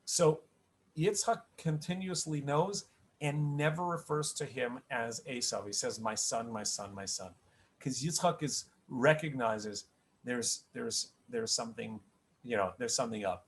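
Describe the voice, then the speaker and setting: A middle-aged man leads a spoken Torah lesson as a rabbi, his pitch sitting at an ordinary middle level. He talks conversationally, trips into restarts and repeated words, and keeps checking in with "right?". A faint hiss of noise sits behind him. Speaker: rabbi teaching the weekly Torah portion.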